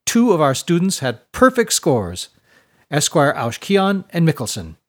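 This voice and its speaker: An enthusiastic school rector who beams as he addresses his students, as a man reads him aloud. His voice is lifted higher than the narrator's, upbeat and formal. This is a storybook reading. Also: huge pitch swings, unhurried. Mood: beaming. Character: enthusiastic male school rector, older teacher.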